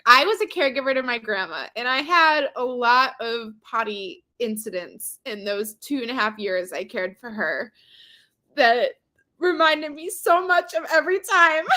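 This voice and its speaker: A woman's voice: a little high, lively intonation, unhurried, pushed and bright. A young woman co-hosting a casual movie chat, giggly and chatty, with lots of filler words. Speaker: podcast co-host.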